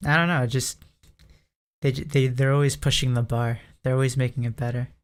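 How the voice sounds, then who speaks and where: A man with a smooth, clear voice talks about video games in a casual podcast chat. He speaks in a flat, even tone, and his voice tends to crack. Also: medium pitch, fairly quick. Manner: voice prone to cracking. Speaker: podcast co-host.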